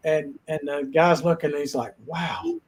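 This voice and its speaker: Folksy man, a little high-voiced. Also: steady tone, normal speed, darkish tone, low-quality recording. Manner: rambling storyteller, folksy. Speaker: host. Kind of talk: casual livestream chat.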